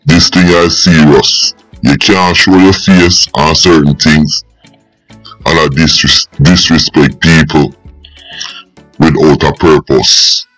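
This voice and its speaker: A Jamaican-accented man hosting his channel, giving slow, serious commentary. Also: rumbling low, fairly even intonation, a bit bright, soft background music, rough recording. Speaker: channel host.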